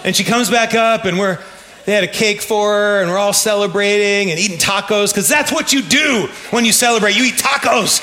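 A man preaching a sermon, telling stories in an animated way with laughs and shouts. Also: high-pitched, fairly quick. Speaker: pastor.

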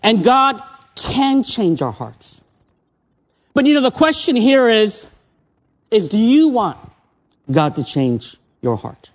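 This is an American man in his fifties preaching from a stage. His voice is fairly high for a man and swings widely in pitch. He tells stories in a chatty way and often stumbles over repeated words. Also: very animated, takes it slowly, pauses often. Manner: conversational storytelling, repeats words. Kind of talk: sermon. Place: stage under spotlights.

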